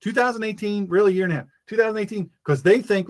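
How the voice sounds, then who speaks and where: A man's voice: sits high, fast talker, few pauses. A man hosting a fiery political talk radio show, preaching in an impassioned way and acting out little scenes.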